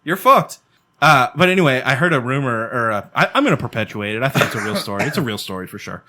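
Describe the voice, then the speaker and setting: Bright-voiced profane man. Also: mid-range voice, fast talker, slight background noise. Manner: profane, animated storyteller who acts out voices. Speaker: podcast co-host. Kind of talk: casual chat.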